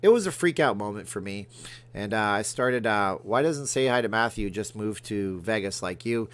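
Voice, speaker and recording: A man's voice: on the low side, expressive, moderate pace, clean tone. A middle-aged man from Canada hosting a casual livestream, reading viewer comments and rambling between jokes and remarks to his cat. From Alberta, Canada. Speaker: livestream host.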